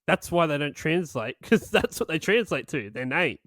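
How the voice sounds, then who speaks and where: A man's voice: on the high side, sing-song, normal speed, fairly bright tone, dry recording. A man co-hosting a podcast, talking in a blunt, sardonic, profane way and reading song lyrics aloud. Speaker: podcast co-host. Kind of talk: casual comedic chat.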